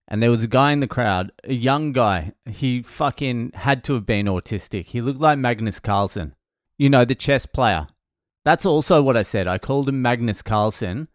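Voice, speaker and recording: A stand-up comedian recounting gigs in a casual monologue, blunt and self-mocking, swearing freely. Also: male voice, mid-range voice, no room sound, clean studio sound.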